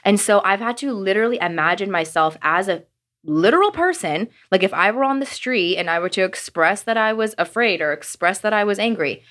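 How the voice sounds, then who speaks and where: A woman co-hosting a podcast, talking candidly and reflectively in a loose, casual way. Her voice sits at an ordinary middle pitch and her speech is full of "like" fillers. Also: lively intonation, a little fast, a bit bright. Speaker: podcast co-host. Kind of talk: casual conversation.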